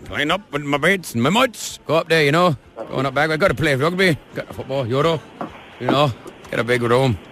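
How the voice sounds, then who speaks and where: A man's voice: high-pitched, fast, creaky, hardly any pauses, pushed and bright, heavily acted. A man putting on a bumbling fake Irish caller. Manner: rambling, stumbling, mumbled nonsense, laughing fits. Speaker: radio host making a prank call.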